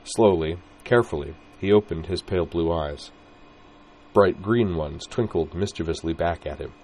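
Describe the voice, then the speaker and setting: A man reading aloud his own story in an expressive, wry way. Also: deep voice, normal speed, a little hiss or hum. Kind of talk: storybook narration.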